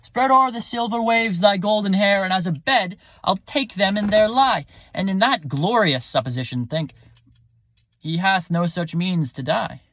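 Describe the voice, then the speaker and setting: A man's voice: sits high, measured pace, fairly bright tone, no echo, pitched above the performer's own voice. A man reciting as a lovestruck young man. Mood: pleading. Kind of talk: Shakespeare recitation.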